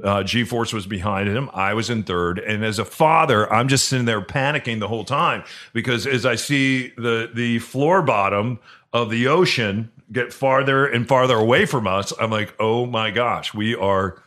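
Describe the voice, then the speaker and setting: A man co-hosting a podcast who tells a personal story in earnest, halting speech full of restarts. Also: medium pitch, a bit bright. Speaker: podcast co-host. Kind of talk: storytelling in casual chat.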